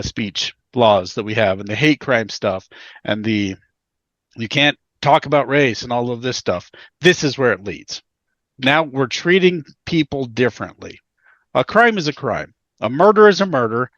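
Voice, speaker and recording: A man's voice: mid-range voice, lively intonation, normal speed, a bit bright, dry recording, muffled recording. A man co-hosting a podcast, talking casually with emphatic, indignant repetition of his points. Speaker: podcast co-host.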